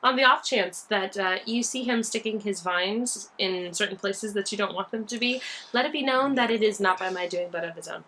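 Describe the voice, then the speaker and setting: A woman's voice: mid-range voice, sharp tone. A woman playing a tabletop game, joking playfully with the others at the table. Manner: playful, quick to joke. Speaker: player. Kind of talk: casual game chat.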